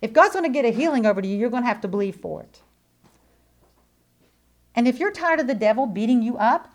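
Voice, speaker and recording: Animated woman preaching. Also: on the high side, fast talker, long pauses. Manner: animated, emphatic, swings between loud declarations and hushed asides. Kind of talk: sermon testimony.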